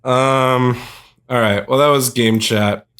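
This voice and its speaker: Dude hosting a gaming podcast, goofing around and cussing casually. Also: male voice, medium pitch, fairly even intonation, slow, a bit bright, a little hiss or hum. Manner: loose, joking, swears freely. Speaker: podcast host. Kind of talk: casual chat.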